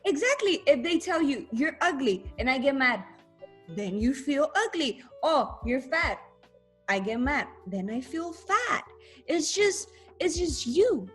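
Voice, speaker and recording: Animated high-voiced woman telling stories. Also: soft background music. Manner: animated storytelling with quick restarts, acting out quotes. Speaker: podcast guest, singer. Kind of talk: casual chat.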